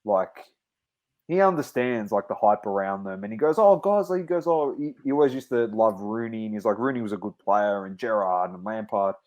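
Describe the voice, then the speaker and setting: Aussie bloke on a podcast, lowish voice, laughs a lot, teasing his mates. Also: a little fast, a little mellow, lo-fi sound. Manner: laughing, teasing banter, calls people mate. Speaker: podcast co-host. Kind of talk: casual chat.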